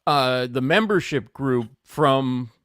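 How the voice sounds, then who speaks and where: A man's voice: mid-range voice, slow, fairly bright tone, smooth, no room sound, studio quality. A man hosting an interview over a video call, asking long questions and giving short agreeing replies. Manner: brief encouraging backchannels. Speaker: interview host. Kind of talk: casual interview.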